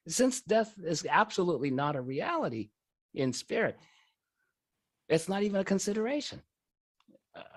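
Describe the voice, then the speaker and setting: A man telling a personal story in an animated way, often breaking into laughter. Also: high voice, no echo, studio quality. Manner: lively, animated delivery.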